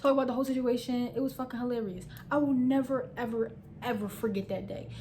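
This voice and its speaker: A woman's voice: a little high, fairly even intonation, fast, dark tone, slight background noise. A young woman vlogger telling a funny personal story in slangy casual talk, acting out her own lines. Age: young adult.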